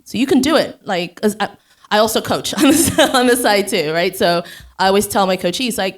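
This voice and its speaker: A woman's voice: mid-range voice, expressive, fairly quick. A woman speaking as a guest on a live panel, chatty and self-mocking, laughing often.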